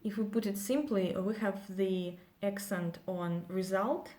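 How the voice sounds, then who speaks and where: Woman, English teacher, first language Russian, unhurried, halting delivery with fillers. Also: mid-range voice, steady tone, a little mellow. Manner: slow, hesitant, many ums while explaining. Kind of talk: grammar lesson.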